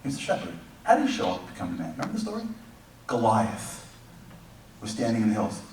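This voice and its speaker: Animated man speaking in an echoey hall. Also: on the low side, fast talker, slight background noise. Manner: animated storyteller, mimics characters comically. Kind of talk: humorous speech. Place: synagogue hall. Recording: distant echoey hall recording.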